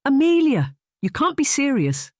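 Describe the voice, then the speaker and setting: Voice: medium pitch, moderate pace, darkish tone, breathy edge, no echo, clean studio sound, natural voice. A narrator voicing an anxious young noblewoman. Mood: shocked. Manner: hesitant, doubtful.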